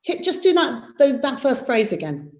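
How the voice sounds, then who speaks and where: A woman's voice: sits high, very animated, moderate pace, a little mellow. A woman, a theatre director leading a live online workshop, explaining verse and tapping out its rhythm aloud. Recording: roomy echo.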